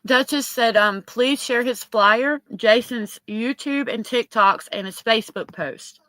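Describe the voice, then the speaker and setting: A woman's voice: fairly high pitch, unhurried, pushed and bright, no echo. A woman hosting a casual livestream, reading chat messages aloud and chatting with lots of ums. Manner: chatty, filler-heavy with many ums. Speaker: livestream host.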